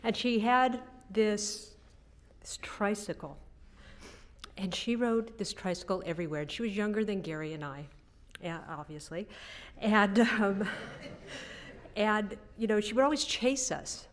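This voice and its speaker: A middle-aged woman giving a funeral eulogy for her sister, telling childhood stories with soft laughs. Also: medium pitch, measured pace. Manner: anecdotal storytelling with soft laughs.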